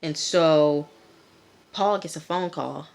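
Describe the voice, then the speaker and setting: A woman's voice: sits low, slow pace, vocal fry, a little mellow. A woman casually recapping a TV episode, chatty with many fillers, talking straight to her viewers. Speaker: TV episode reviewer.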